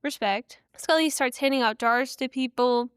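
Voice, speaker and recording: A woman's voice: high voice, normal speed, smooth, no echo, clean studio sound. A young woman hosting a podcast, casually retelling an episode with slangy, opinionated asides. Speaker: podcast host.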